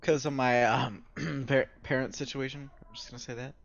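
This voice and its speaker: A man's voice: medium pitch, fairly even intonation, moderate pace, creaky, dull audio, a crowd in the background. A young man chatting casually as a podcast co-host, laid-back and jokey. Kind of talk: casual chat.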